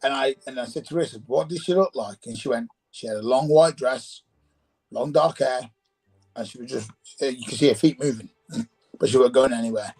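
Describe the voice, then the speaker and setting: A man casually telling a personal ghost story, animated and acting out the voices in it, with faint music behind. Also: medium pitch, fairly quick, breathy edge, rough recording.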